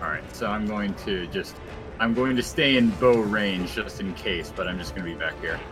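A man's voice: lowish voice, normal speed, over music. A man playing a tabletop game, thinking aloud tentatively about his turn. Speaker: player. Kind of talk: casual tabletop play.

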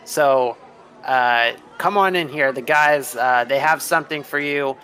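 A man voicing a nervous, flustered man who talks fast to cover himself in a tabletop game. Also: medium pitch, bright, forceful tone, poor audio. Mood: fast-talking.

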